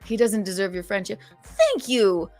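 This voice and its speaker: A sarcastic woman hosts a casual livestream, reading super chats and riffing on them with plenty of swearing. Her voice sits at a middling pitch for a woman, and she swings from loud, mock-dramatic outbursts to low, muttered asides. Faint music plays behind her. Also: huge pitch swings, moderate pace. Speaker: streamer and podcast host.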